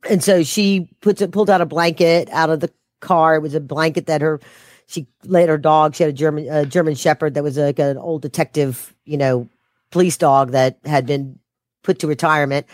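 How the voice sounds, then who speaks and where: A woman's voice: deep voice, fairly even intonation, normal speed, a little mellow, no echo, studio quality. A woman telling a personal story as an interview guest, her voice rising when she quotes herself.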